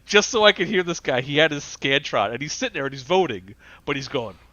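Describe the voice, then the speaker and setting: Bright-voiced New man telling stories. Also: a little high, quick pace, dry recording, muffled recording. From New York. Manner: animated storyteller, laughs often, restarts sentences. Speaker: podcast host. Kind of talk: casual chat.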